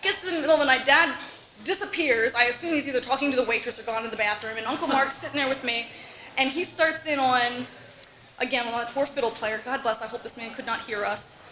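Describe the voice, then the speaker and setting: A woman with a high, bright voice tells a story on stage, animated and quick to laugh as she plays out the lines of her relatives. She sounds roomy and echoey, with faint live ambience behind her. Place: bar or small venue with audience.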